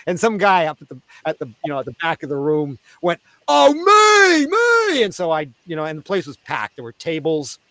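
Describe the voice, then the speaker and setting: A man from Canada tells raucous stories from his years as a street performer, jumping into loud put-on voices for hecklers. His voice sits a touch high, and the recording is close and dry. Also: fast talker, hardly any pauses, dry recording. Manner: animated, shouting out the voices of crowd members. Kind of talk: storytelling in a casual interview.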